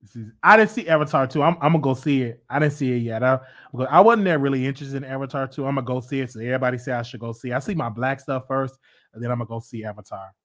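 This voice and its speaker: A man hosting a casual livestream chat, teasing his viewers in an animated, repetitive, slangy way. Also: mid-range voice, rapid-fire. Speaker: host.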